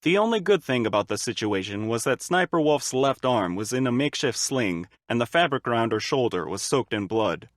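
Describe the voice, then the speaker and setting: Male audiobook narrator, steady and dry. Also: medium pitch, fairly quick, few pauses, dry recording. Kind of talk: fan audiobook reading.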